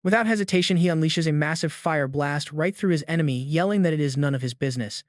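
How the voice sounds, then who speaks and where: A man giving scripted narration of a story recap in an even, dramatic storytelling delivery. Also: on the high side, fast talker, dry recording, clean studio sound.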